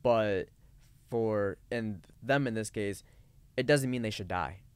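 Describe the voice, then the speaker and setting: A man's voice: lowish voice, slow pace, smooth, no echo. A man co-hosting a casual podcast discussion, talking in rambling runs full of fillers and restarts. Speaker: podcast co-host.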